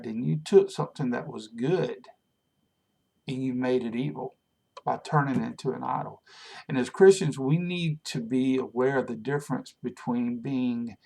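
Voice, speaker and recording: A man's voice: mid-range voice, gravelly, darkish tone. A man giving a short devotional sermon in an earnest, conversational preaching manner. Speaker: pastor.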